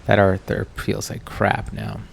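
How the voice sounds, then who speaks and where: Gravelly low-voiced American man gaming. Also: completely flat delivery, a little slow, a little hiss or hum. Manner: chatty, distracted, filler-heavy. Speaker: gaming channel host. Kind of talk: casual gameplay commentary.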